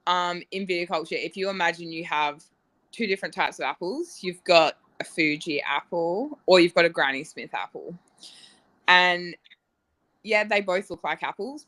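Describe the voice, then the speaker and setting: Woman, winemaker guest, bright low-ish voice, chatty storyteller. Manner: chatty storyteller, many "like"s and acted-out quotes. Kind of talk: casual interview chat.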